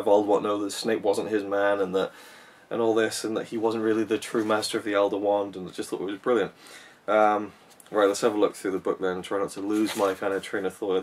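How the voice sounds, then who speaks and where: A man's voice: on the low side, distant mic. A man giving a casual, rambling spoken film review, with frequent "you know" fillers.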